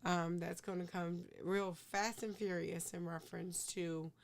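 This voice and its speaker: A woman co-hosting a casual talk show, speaking in a fairly low voice. She talks steadily, backing up her co-host and adding her own points. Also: steady tone, measured pace. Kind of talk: casual podcast chat.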